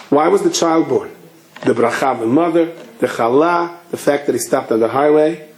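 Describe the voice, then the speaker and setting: A man, a rabbi, giving a sermon as a lively storyteller who acts out the people in his story. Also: mid-range voice. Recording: roomy echo.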